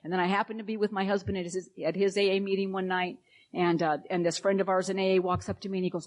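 A woman's voice: mid-range voice, flat delivery, fast. A woman sharing a personal story at a recovery meeting, candid and wryly humorous.

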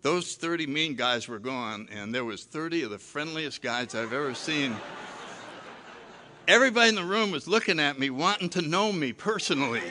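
An older man telling a personal story about his drinking, animated and self-mocking, acting out his own past lines. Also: fairly high pitch, normal speed, slight background noise.

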